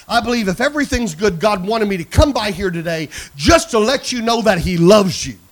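A male pastor telling a story in a sermon, moving from quiet narration to shouted preaching and calling out to the congregation. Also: high-pitched, lively intonation, fairly quick. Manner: calls out to the congregation. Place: church sanctuary.

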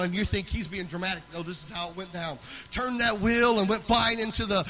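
A man preaching a sermon, moving between loud, sung exhortation and quiet, conversational storytelling. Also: sits high, rough recording.

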